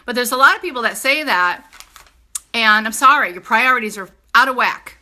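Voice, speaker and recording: A woman's voice: a little high, expressive, moderate pace, sharp tone. Emphatic New York woman selling hard. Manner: emphatic and persuasive, repeating "okay?". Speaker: product seller. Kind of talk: casual sales pitch.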